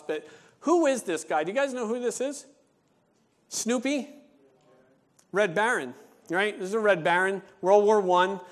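Guy pastor preaching, fairly high voice, acts out the story then gets slow and serious. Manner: animated storytelling, acting out dialogue; slows down and turns earnest for teaching points. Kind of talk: sermon.

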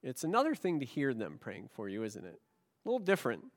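A man's voice: mid-range voice, wildly swooping pitch, quick pace. A man pastor preaching a sermon in a conversational way, telling anecdotes and asking rhetorical questions, recorded in a church.

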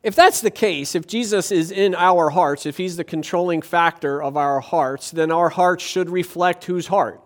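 Guy pastor w a pretty high voice, preaching, tosses rhetorical questions at the church. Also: moderate pace, hardly any pauses. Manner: asks the congregation rhetorical questions; tells anecdotes with light humor. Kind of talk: sermon.

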